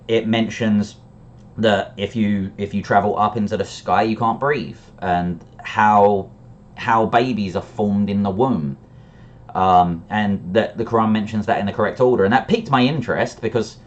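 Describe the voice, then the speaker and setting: This storyteller, a man with a fairly low voice, recounts his own conversion in a relaxed, reflective and candid monologue. He often restarts thoughts by repeating words and laughs briefly now and then. The sound is dull and lo-fi.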